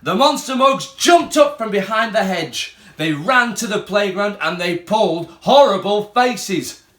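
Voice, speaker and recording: Male teacher reading a storybook aloud, slow and lively, echoey school room. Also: sits high. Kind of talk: reading a picture book to children. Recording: roomy room echo.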